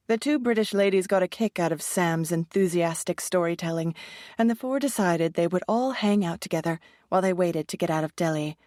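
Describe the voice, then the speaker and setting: A woman reading a thriller audiobook in an even, measured storytelling voice. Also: on the low side, dry recording, studio quality. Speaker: audiobook narrator. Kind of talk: scripted narration.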